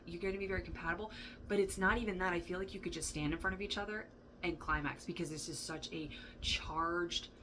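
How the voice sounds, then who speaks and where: A woman's voice: fairly low pitch, a bit bright, slight background noise, rough recording. A woman giving a casual tarot reading, rambling and thinking aloud, with laughs and the odd swear word. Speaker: tarot reader. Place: indoor room with a fan running.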